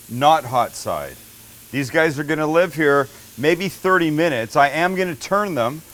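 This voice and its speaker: A man hosting a cooking show, walking through a recipe in a relaxed, joking way and bantering with the crew behind the camera. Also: medium pitch. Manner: chatty, joking, teases his crew. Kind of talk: casual cooking demonstration.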